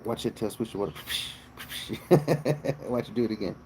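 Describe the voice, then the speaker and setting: A man's voice: on the low side, steady tone, racing, background noise. A man hosting a casual livestream outdoors by a cow pasture, rambling crudely and swearing a lot. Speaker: livestream host.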